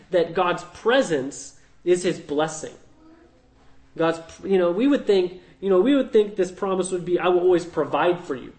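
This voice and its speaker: Male Bible teacher, slightly higher voice, relaxed conversational delivery with asides. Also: rough recording. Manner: conversational, thinking aloud with fillers and "right?".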